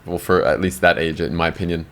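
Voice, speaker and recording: Deep-voiced young man telling a story. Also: little pitch movement, quick pace, a bit bright. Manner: blunt, swears freely, lots of fillers. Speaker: podcast guest. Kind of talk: casual storytelling with acted-out quotes.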